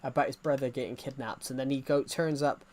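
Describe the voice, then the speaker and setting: This gaming streamer, a young man from England with an English accent, speaks briskly in a mid-range, darkish voice with a steady tone. His casual live-stream chat is rambling and full of restarts and fillers.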